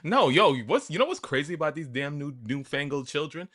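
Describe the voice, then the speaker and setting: Animated New York man, bright voice. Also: on the high side, a little fast. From New York, family from Guyana. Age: 40s. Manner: animated, laughs often, emphatic repetition. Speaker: podcast co-host. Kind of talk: casual chat.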